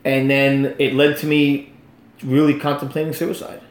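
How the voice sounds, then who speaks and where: A man in his fifties telling his faith story in an animated, preacher-like way during a conversation. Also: medium pitch, moderate pace, reverberant. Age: 50s. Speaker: guest.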